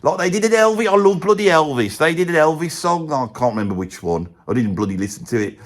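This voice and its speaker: A rambling, opinionated middle-aged bloke with a thick Birmingham accent, as a man puts him on. He talks in a fairly high voice, sprinkles mild swearing into every sentence and keeps sinking into hushed, gossipy asides. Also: expressive, quick pace, lightly acted. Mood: rambling gossip. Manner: rambling, says "bloody" constantly, drops into hushed conspiratorial asides. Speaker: comic presenter. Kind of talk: comedic character monologue.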